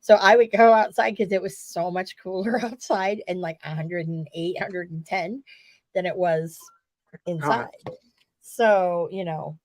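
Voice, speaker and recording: Chatty woman, low voice, dry sound. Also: measured pace, no echo. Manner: rambling, animated, swears casually. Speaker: podcast co-host. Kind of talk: casual wrestling chat.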